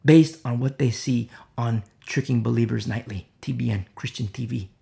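Impassioned preacher with a gravelly voice. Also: male voice, mid-range voice, moderate pace, warm tone. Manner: impassioned, rambling with many fillers. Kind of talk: informal sermon.

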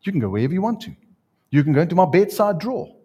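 A pastor speaks very fast in a high, husky voice while preaching in church. Telling animated stories to the congregation, he calls people up to join a live demonstration.

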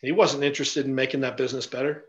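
A man's voice: mid-range voice, little pitch movement, fast, dull audio. A man telling stories as an interview guest in a blunt, casual way, swearing freely and leaning on fillers. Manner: blunt and profane, with frequent fillers. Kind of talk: casual storytelling.

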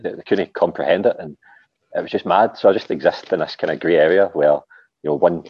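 A man's voice: deep voice, fairly quick, breathy edge, dry recording, highs cut off. A man with a Glaswegian accent, an author guest chatting casually on a podcast, swearing freely and dropping "like" and "aye".

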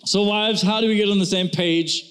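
A man with a notably high speaking voice preaches to his church, pressing the point and calling the room to act. He talks straight at the congregation in an urgent sermon. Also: steady tone, moderate pace, a bit bright, smooth. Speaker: pastor.

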